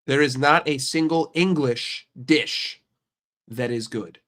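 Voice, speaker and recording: A man's voice: mid-range voice, slow pace, fairly bright tone. American guy, stuffy from a cold, casual stream chat, brash, swearing, mock outrage. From United States. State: sick with a stuffy nose.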